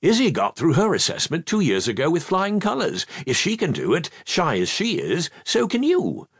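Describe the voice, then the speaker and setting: A male audiobook narrator voices a cheerful, encouraging young boy, pitching his fairly high voice above his natural one with wildly swooping pitch and heavy acting. He speaks at a moderate pace with a breathy edge, in a dry, clean studio recording.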